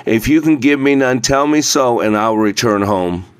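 A man's voice: medium pitch, animated, normal speed, clean tone, no room sound, lightly acted. A man voicing a weary king in a storybook, asking his questions earnestly and insistently. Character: weary king seeking answers.

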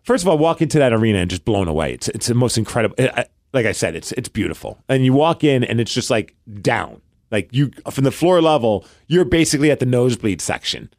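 A man's voice: mid-range voice, very animated, fast, a little mellow, dry recording. A man with a New York accent tells a winding story to his podcast co-host, stumbling over restarts and slipping into the voices of the people he quotes. His voice sits in an ordinary middle register and sounds dry and close, with no room around it. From Brooklyn, New York. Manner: rambling, restarts often, acts out quoted dialogue. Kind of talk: casual storytelling chat.

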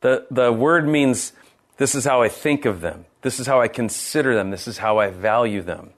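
A man preaching a sermon, earnest and animated, asking rhetorical questions and restarting his sentences. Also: mid-range voice, normal speed. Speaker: pastor.

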